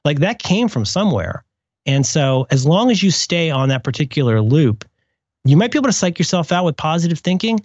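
A man's voice: a little high, big pitch swings, fairly quick, darkish tone, no echo. Male podcast host, wry, musing, casual; dry, slightly dull recording. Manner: musing, self-correcting, wry. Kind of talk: casual chat.

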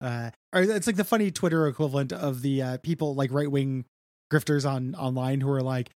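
A man's voice: mid-range voice, a little fast, a little mellow, dry recording. Joking forty-something man, dry mic. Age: 40s. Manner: joking, profane, self-deprecating. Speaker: podcast co-host. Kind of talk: casual chat.

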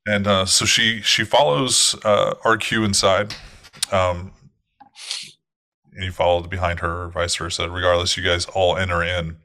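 Low-voiced man narrating a tabletop game. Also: level tone, a little slow, pushed and bright. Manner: loose, rambling storytelling with fillers. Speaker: game master.

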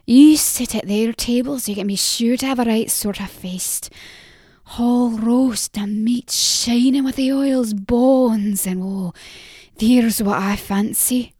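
A woman voicing a gossipy, impatient old peddler woman who talks in a loud, rustic, chattering way in an audiobook. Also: fairly high pitch, slow pace, slightly rough, no echo, studio quality. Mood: chatty. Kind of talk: audiobook character voice.

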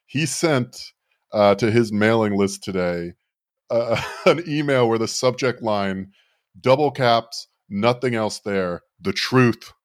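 This low-voiced man, a podcast co-host, moves slowly through the news with sardonic, wandering commentary, often stopping to restart his sentences. It's casual political banter, recorded close and dry without any echo.

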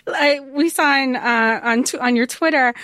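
A woman hosts a podcast in a high, bright voice, gushing with excitement. The sound is dry and close. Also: moderate pace, dry recording. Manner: enthusiastic, gushing. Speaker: podcast host. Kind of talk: casual podcast interview.

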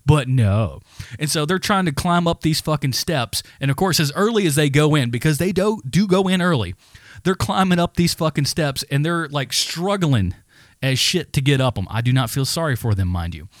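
A man co-hosting a podcast, telling a story in a casual, animated, heavily profane rant. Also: a little high, moderate pace, no echo, clean studio sound. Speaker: podcast co-host.

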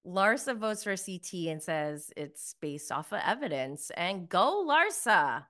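Woman vlogger recapping a show; slow, bright, emphatic delivery, laughs easily. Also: lowish voice, very animated. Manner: chatty, emphatic, laughs often, filler "like". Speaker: TV recap reviewer. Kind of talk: casual recap commentary.

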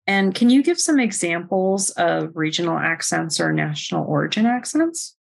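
A woman hosts a professional podcast and puts questions to her guest in an orderly, inquisitive way. Her voice sits a little low with plenty of gravelly fry. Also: big pitch swings, moderate pace. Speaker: podcast host. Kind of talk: podcast interview.

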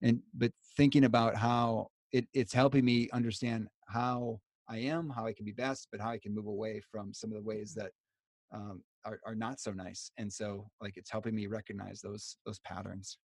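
A man's voice: on the low side, little pitch movement, normal speed, darkish tone, dry recording, studio quality. A man hosting a podcast, talking in a rambling, reflective, self-deprecating way. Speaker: podcast host. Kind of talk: casual conversation.

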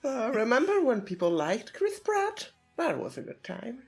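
A woman's voice: on the high side, very animated, normal speed, breathy edge. Giggly rambling woman podcaster. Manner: rambling, many "like"s and restarts, giggly. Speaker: podcast co-host. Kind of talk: casual chat.

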